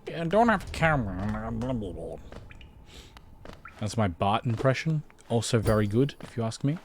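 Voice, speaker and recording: A man's voice: mid-range voice, lively intonation, a little slow, slight background noise. A man streaming a game with casual, jokey, self-mocking commentary.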